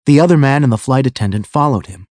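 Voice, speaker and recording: A man narrating a graded-reader audiobook in a clear, measured way. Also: medium pitch, animated, darkish tone, dry recording.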